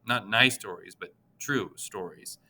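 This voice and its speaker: A man's voice: on the low side, a little slow, pushed and bright, exaggerated voice. A man voicing a small, chatty older male pharmacist with a nasal voice and a friendly, gossipy way of talking in an audiobook. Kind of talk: audiobook character voice.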